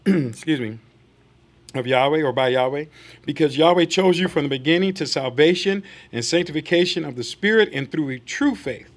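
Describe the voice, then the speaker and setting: Here a man with a high voice is preaching. He reads scripture out loud, moves into rhetorical questions aimed at the congregation, and voices short quoted characters to illustrate his point.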